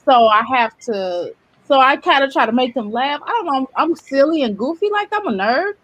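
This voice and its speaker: A woman on a casual radio talk show, telling animated stories and acting out the quotes. She mentions the clients she counsels. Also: high voice, brisk, dry recording. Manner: animated storyteller who acts out quotes.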